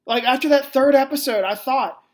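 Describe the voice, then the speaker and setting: A man's voice: very high-pitched, normal speed. Rambling casual man hosting a podcast. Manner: rambling, casual, many fillers and restarts. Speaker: podcast host. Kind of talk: solo sports podcast chat.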